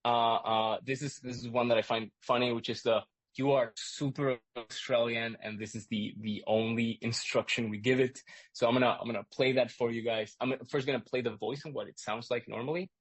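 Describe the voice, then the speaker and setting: A man hosting a live online class, explaining excitedly with lots of restarts and asides. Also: mid-range voice, a little fast, no room sound. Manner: energetic, rambling, lots of restarts. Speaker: host and instructor. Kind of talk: live webinar teaching.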